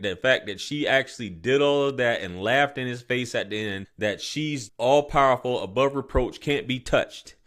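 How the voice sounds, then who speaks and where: A man's voice: medium pitch, fairly bright tone. A man hosting a commentary video, talking in an emphatic, indignant way. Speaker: host.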